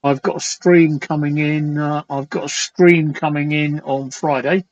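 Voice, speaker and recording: A man hosting a late-night live stream chat, slightly hoarse, rambling and crude as he reads out viewer comments. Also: a little high, fairly even intonation, measured pace, dry recording, low-quality recording. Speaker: talk show host.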